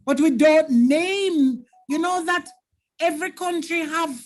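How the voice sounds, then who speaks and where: A woman's voice: very high voice, takes it slowly. A Jamaican woman teacher running a live online exam-prep lesson, explaining patiently and thanking viewers by name.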